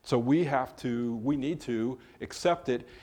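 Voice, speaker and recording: Male pastor, mid-pitched voice, relaxed conversational sermon delivery to a small congregation. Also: measured pace. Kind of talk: sermon on a Bible passage.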